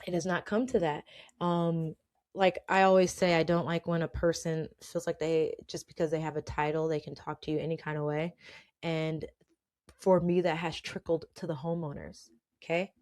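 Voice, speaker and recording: A woman's voice: lowish voice, fairly even intonation, normal speed. A woman hosting a podcast, telling her own work stories in a chatty, emphatic way, often checking in with "okay?" and laughing. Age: adult with children. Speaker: podcast host. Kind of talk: casual storytelling monologue.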